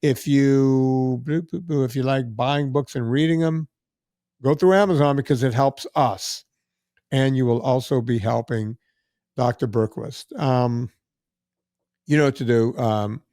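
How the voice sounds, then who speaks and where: A male podcast host who chats casually and rambles through his plugs. His voice is mid-pitched and sounds dry and close to the mic. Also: mellow, no echo.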